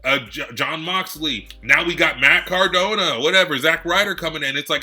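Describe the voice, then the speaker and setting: A man's voice: a little high, normal speed, few pauses, pushed and bright. A man hosting a wrestling rant segment, sarcastic and frustrated, firing off rhetorical questions at the viewers. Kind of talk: heated rant to camera.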